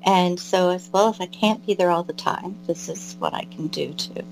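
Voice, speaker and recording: Chatty American woman, lowish voice. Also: moderate pace, slight background noise, low-quality recording. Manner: warm, wandering, many fillers and restarts. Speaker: guest, pilgrim and albergue volunteer. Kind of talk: casual interview chat.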